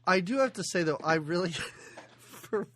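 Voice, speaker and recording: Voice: medium pitch, lively intonation, moderate pace, noisy background. A podcast co-host chatting casually about a film, laughing often. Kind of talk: casual movie-review chat.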